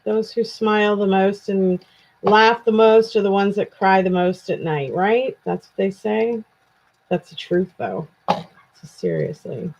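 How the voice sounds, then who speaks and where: A woman's voice: mid-range voice, animated, unhurried, darkish tone. A tired woman from Canada hosting a casual true crime live stream, chatting with viewers in a self-deprecating way. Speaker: true crime channel host. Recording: dull lo-fi home stream audio.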